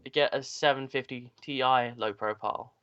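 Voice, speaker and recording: A man's voice: medium pitch, fairly even intonation, moderate pace, fairly bright tone. Rambling man with dull lo-fi sound. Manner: rambling, filler-heavy tech talk. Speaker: podcast co-host. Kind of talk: casual chat.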